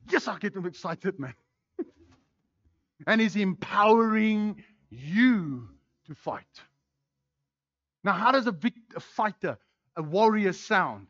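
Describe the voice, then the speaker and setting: A middle-aged man with a New Zealand accent preaching a sermon, swinging between fired-up shouting and quiet tenderness. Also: sits high, animated, slow, pauses often, dull audio. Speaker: pastor.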